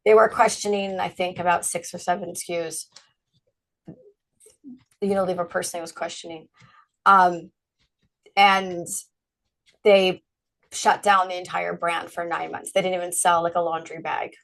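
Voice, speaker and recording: A woman's voice: lowish voice, little pitch movement, normal speed, vocal fry, pauses often, a bit bright, low-quality recording. A middle-aged woman being interviewed, talking frankly and animatedly and laughing often. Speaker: guest, brand founder. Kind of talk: candid interview conversation.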